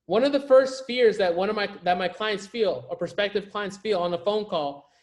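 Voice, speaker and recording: A man's voice: sits high, normal speed. A man coaching viewers in a casual motivational talk to camera, emphatic and slangy, often repeating his key phrases for effect. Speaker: life coach.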